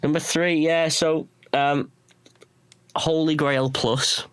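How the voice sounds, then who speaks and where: A man's voice: on the high side, level tone, slow pace, a bit bright, clean tone, no echo. Runcorn-accented man, dry and close. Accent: Runcorn Scouse. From England. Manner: rambling, self-deprecating, restarts often. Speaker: guest, pedal maker. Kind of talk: casual podcast interview.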